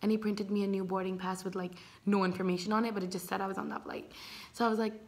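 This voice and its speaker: A young woman vlogger telling a storytime tale, animated and swearing freely, acting out the people she quotes. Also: mid-range voice, fast. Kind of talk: storytime vlog.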